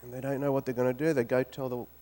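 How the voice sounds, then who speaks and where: A man with an Australian accent giving a guest talk in a university auditorium and telling jokes in a lively, storytelling way. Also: mid-range voice, very fast. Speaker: guest speaker. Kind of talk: informal talk with joke-telling.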